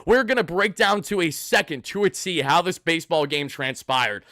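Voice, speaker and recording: A young man hosting an excited postgame livestream, worked up and sweaty, loudly thanking donors. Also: fairly high pitch, moderate pace, no room sound, clean studio sound. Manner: hyped, loud, shouting and thanking donors. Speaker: host of a fan live stream.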